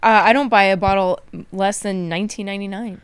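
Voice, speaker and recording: A woman joining a casual podcast chat, chatty and quick to laugh. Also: medium pitch, steady tone, clean tone.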